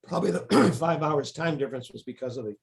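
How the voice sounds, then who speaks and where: A man's voice: a little high, lively intonation, fast talker, gravelly. A man, an author being interviewed, talking casually and telling stories with frequent restarts and fillers. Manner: rambling storyteller, frequent restarts.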